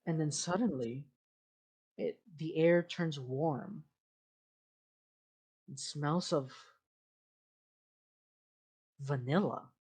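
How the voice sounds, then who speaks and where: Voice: medium pitch, extremely slow, long pauses, a little mellow, breathy edge. A game master narrating a tabletop scene in descriptive, improvised fashion, with frequent fillers and restarts.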